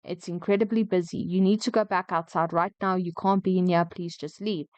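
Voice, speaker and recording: A woman reading out the lines of a calm male store worker, polite and firm. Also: fairly low pitch, a little fast, smooth, no echo, highs cut off, lightly acted.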